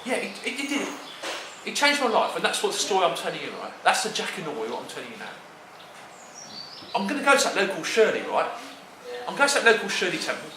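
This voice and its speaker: A man's voice: high-pitched, fast talker, pauses often, roomy sound, noisy background. A man with a Cockney accent telling a comic story in rhyming slang, chatty and peppered with "right" and "mate". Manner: chatty, full of "right" and "mate", jumps up into excited squawks.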